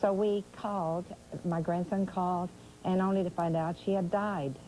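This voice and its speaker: An older woman speaking as a guest on a live TV interview, aggrieved and halting, often restarting her sentences. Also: on the low side, steady tone, dark tone, slight background noise, poor audio.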